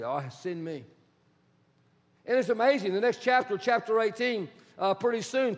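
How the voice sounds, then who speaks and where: A man preaching a sermon as a pastor, animated and acting out the dialogue he retells. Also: sits high, big-room sound. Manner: animated, acts out quoted dialogue.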